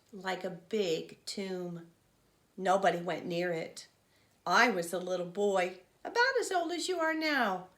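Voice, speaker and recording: A woman voicing an old village man who tells a grief-filled childhood story in a children's novel read aloud. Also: medium pitch. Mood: mournful. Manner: earnest storytelling, rising to loud cries.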